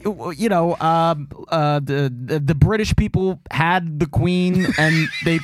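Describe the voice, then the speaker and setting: Young philly dude rambling on a podcast, lots of um and like, pretty high voice, dry mic. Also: male voice, slow pace, no room sound. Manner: rambling, self-mocking, lots of fillers. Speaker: podcast co-host. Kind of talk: casual chat.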